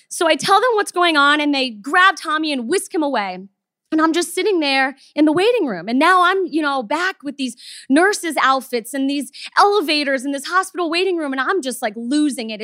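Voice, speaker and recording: A woman with a notably high voice tells a personal story to an audience. She is expressive and acts out the people she quotes. Her voice is recorded dry, with no room sound around it. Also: moderate pace, no echo.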